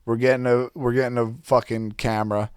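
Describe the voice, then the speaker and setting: A man's voice: mid-range voice, little pitch movement, brisk, clean tone, no room sound. A man hosting a podcast in casual banter, swearing a lot and joking boastfully, in a studio. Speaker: podcast host.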